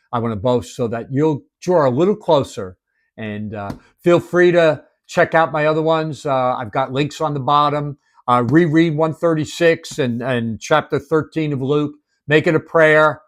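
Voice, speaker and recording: A man giving a casual devotional Bible lesson, acting out the scenes in quick dialogue. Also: medium pitch. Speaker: Bible teacher.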